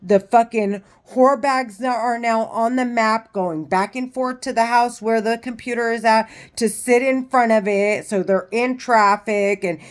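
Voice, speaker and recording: A woman's voice: on the high side, steady tone, a little slow, hardly any pauses. A woman vlogging in a rambling, agitated monologue full of profanity and restarts.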